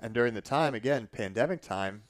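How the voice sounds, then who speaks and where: A man telling a long story in casual conversation, animated and profane, often restarting his sentences. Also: medium pitch, brisk, dry recording, clean studio sound. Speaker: podcast guest.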